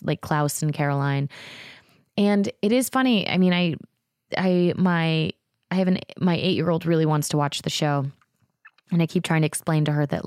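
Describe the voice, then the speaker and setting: Chatty low-voiced woman host. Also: clean tone, dry recording, clean studio sound. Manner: chatty, animated, many fillers and acted-out quotes. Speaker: podcast host. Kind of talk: casual storytelling chat.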